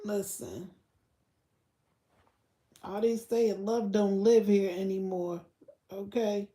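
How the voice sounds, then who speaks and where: A woman's voice: medium pitch, fairly even intonation, slow, mellow, roomy sound. A woman hosting a casual livestream rant in a blunt, profane way, talking straight to her chat viewers. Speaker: livestream host.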